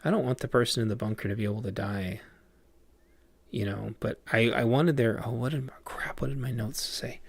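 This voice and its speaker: Gravelly rambling male streamer. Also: medium pitch, steady tone, brisk. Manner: rambling, lots of fillers and restarts. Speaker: game streamer. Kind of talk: casual livestream chat while playing a game.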